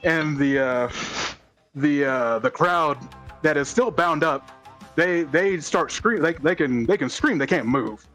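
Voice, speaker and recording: A man runs a tabletop game session, his voice bright and forward, his narration loose and full of fillers. Now and then he jumps into high, excited voices for the characters. Soft music plays behind him. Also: measured pace. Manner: rambling, many fillers, bursts into high put-on voices. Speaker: game master.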